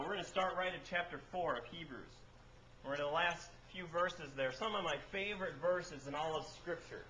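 A man preaching a sermon in a church sanctuary, his fairly high voice ringing through a reverberant room. He talks conversationally and often restarts his phrases, with faint noise in the background. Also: bright, forceful tone. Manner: conversational storytelling with repeated restarts. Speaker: pastor.

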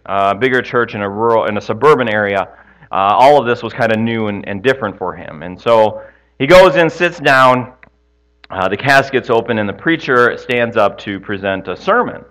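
A man's voice: medium pitch, fairly bright tone, rough recording. A male pastor leading prayer and telling a story in a casual, hesitant way, full of restarts and self-deprecating asides.

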